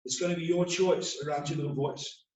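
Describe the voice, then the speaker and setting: A man gives a motivational talk from some way off the mic, his voice ringing around a very echoey room. He speaks a little higher than most men and drives his points home with emphatic, repeated rhetorical questions over a faint hiss. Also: fairly even intonation, fairly quick, darkish tone, recorded from a distance.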